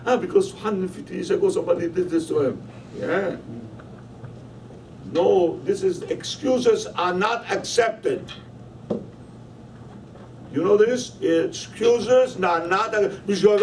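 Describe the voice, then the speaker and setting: A man with a high voice leads a Torah lesson in a study hall, pressing his points and quizzing his listeners. He is picked up from some distance, with a faint background hum. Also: measured pace, long pauses, a little mellow. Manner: emphatic, questioning the listeners. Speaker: rabbi teaching a class. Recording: voice from a distance, faint room noise.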